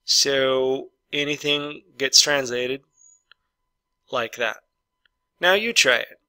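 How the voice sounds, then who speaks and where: A man's voice: medium pitch, slow pace, bright, forceful tone, clean tone, no echo. A man teaching an English grammar lesson, patiently walking through example sentences and repeating each one.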